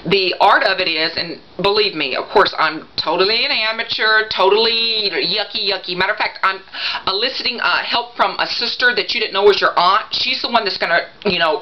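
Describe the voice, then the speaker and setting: Chatty teasing mom, slightly dull sound. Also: female voice, medium pitch. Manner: chatty, teasing, lots of fillers. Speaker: mother giving coaching advice. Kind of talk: casual vlog monologue.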